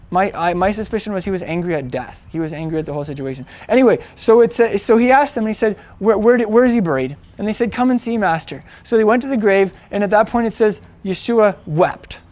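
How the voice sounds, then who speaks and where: A man with a noticeably high voice retells a Bible story in a relaxed, chatty teaching style. He talks like he is telling friends about it, full of "like" and "um", restarting his sentences as he goes. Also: fast. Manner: conversational, animated retelling with many fillers and restarts. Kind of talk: casual storytelling sermon.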